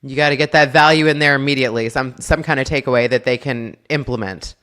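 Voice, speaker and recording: A woman's voice: extremely low pitch, fast talker, fairly bright tone. A woman hosts a casual podcast conversation. She is chatty and easygoing, laughs readily, and jumps in to complete her guest's ideas. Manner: chatty, laughs often, finishes the guest's thoughts. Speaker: podcast host.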